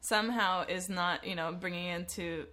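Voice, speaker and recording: A woman's voice: on the low side, steady tone, moderate pace, sharp tone. A woman co-hosting a casual talk show who argues her point with many "you know"s and laughs easily. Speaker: podcast co-host. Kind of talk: casual chat.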